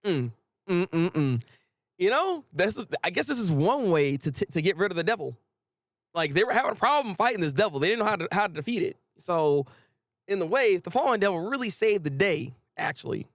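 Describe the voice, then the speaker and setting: Male streamer, live reaction commentary; high, bouncy, gravelly delivery, dry close mic. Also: fairly quick, no room sound. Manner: animated, joking, repeats words when excited.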